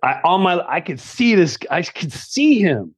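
A man in his fifties from Long Island, a comedian telling a story in casual chat, animated, acting out other people's voices, swearing and laughing often. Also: high-pitched, a little slow, breathy edge. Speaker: comedian guest.

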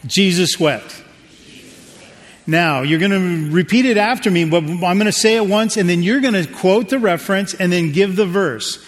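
A pastor preaches a sermon to his congregation at a normal pace, joking loosely and prompting them to respond. His voice is a little high for a man, and it rings with the long reverb of a large hall.

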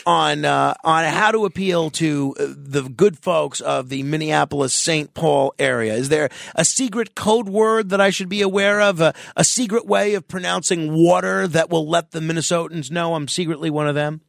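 A male late-night radio host whose voice sits a little high and has a gravelly edge. He talks in a halting, friendly way, full of fillers and restarts. The sound is close and dry, with no room around it. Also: a bit bright, no echo.

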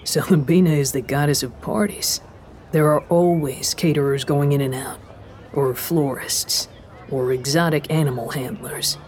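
A woman's voice: deep voice, fairly even intonation, moderate pace, a little mellow, voice pushed down, lightly acted. A woman voicing an earnest, laid-back young man in an audiobook, speaking easily and sincerely. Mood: easygoing. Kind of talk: audiobook character voice.

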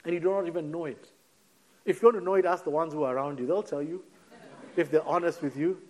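A male pastor preaching a sermon, dropping to a near hush on key words and then lifting again, slowing down for emphasis. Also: fairly high pitch. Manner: preaching with dramatic drops to a near hush and sudden lifts; slows right down on key phrases.

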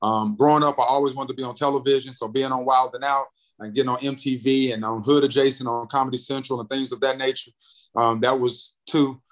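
A man's voice: a little fast, low-quality recording. A young man from North Carolina, a comedian and radio host, telling his story in a casual interview and acting out quotes. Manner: animated, acts out quotes with big pitch jumps.

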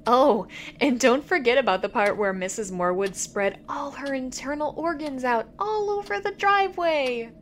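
Woman doing a gossipy chatty girl, high lively voice, radio drama. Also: moderate pace, hardly any pauses, a little hiss or hum. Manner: chatty, gossipy, laughs easily. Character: chatty young woman Cassie, quick to laugh. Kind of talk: audio drama acting.

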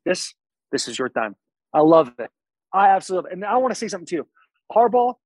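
A man's voice: sits high, sing-song, quick pace, darkish tone, no room sound, rough recording. A young man, a pro football player, chatting as a podcast guest in a boisterous, laid-back storytelling way. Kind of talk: casual podcast chat.

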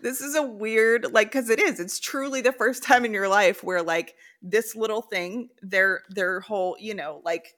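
A woman's voice: mid-range voice, moderate pace, few pauses, a bit bright. A woman hosting a podcast, reading listener stories aloud and then chatting candidly with her guest. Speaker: podcast host. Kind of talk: casual podcast conversation.

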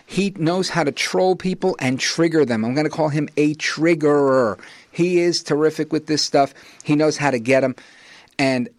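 Energetic male talk radio host. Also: a little high, no echo. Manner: energetic, promotional, conversational.

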